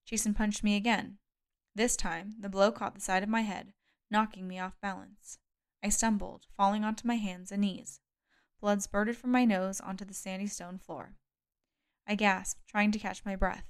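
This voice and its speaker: A woman's voice: medium pitch, clean tone. Woman reading a thriller audiobook. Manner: measured, steady first-person storytelling. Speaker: audiobook reader. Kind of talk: audiobook narration.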